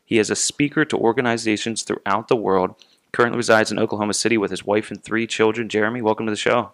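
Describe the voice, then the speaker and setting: A man's voice: on the low side, steady tone, fast, fairly bright tone. A man hosting a podcast in easygoing, friendly banter, also reading the intro and ad copy. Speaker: podcast host.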